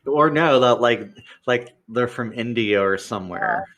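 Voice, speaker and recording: A man's voice: medium pitch, a little slow, a bit bright. A man with a Pennsylvania accent co-hosting a podcast in casual chat, telling stories in a rambling, filler-heavy way. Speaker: podcast co-host.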